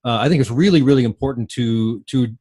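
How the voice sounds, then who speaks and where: An older man hosting an interview, his voice sitting at an ordinary middle pitch. He rambles through long sentences with plenty of restarts and fillers. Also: fast, dark tone, slightly rough. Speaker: podcast host. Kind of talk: interview conversation.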